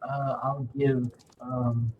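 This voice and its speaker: A man's voice: mid-range voice, flat delivery, very slow, phone-quality sound, a little hiss or hum. A man playing a tabletop game, chatting casually and a bit hesitantly. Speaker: player.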